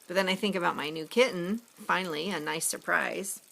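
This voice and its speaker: A woman teacher reads a story aloud to her class in an expressive storytelling manner. Her voice is fairly low, with a gravelly fry running through it. Her tone is bright and forceful. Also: a little fast.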